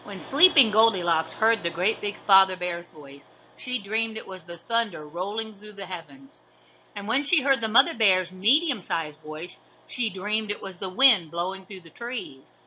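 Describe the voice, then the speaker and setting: Woman librarian, storybook read-aloud, expressive and sing-song; dull lo-fi recording. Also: mid-range voice, moderate pace, slight background noise.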